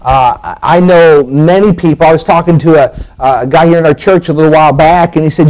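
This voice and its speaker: A pastor, preaching in a folksy, chatty way with frequent "all right?" asides. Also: male voice, on the high side, fairly quick, hardly any pauses, darkish tone, low-quality recording. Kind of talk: sermon.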